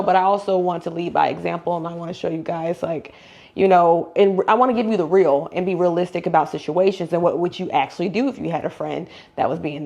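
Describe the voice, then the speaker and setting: A woman, hosting a casual cooking vlog in her home kitchen, chatty and candid. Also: mid-range voice. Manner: chatty, candid, laughs often. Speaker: YouTube cooking channel host.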